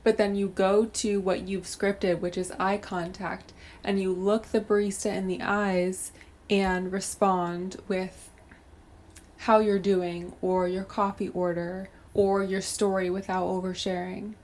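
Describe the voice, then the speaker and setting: A young adult woman talking straight to camera, giving brisk step-by-step coaching advice on self-help. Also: medium pitch, flat delivery, a little mellow. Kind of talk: direct-to-camera advice monologue.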